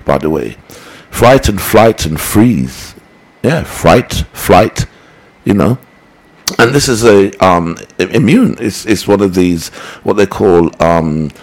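A man hosting a broadcast, reading listener comments and rambling in a preachy, animated way. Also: sits low, rough recording. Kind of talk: casual broadcast talk.

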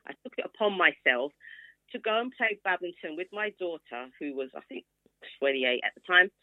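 A woman's voice: on the low side, normal speed, dry recording. Lady in her 60s telling a story, voice jumps up and down a lot, sounds like a tinny phone line. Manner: lively storyteller acting out quotes. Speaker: author guest. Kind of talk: casual storytelling interview.

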